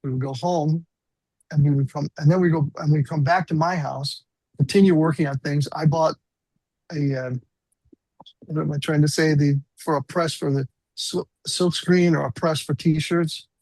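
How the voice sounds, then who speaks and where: A man's voice: fairly high pitch, fairly even intonation, normal speed, darkish tone, no echo, rough recording. A man in his sixties, a guest musician, telling rambling, self-deprecating stories in a casual interview.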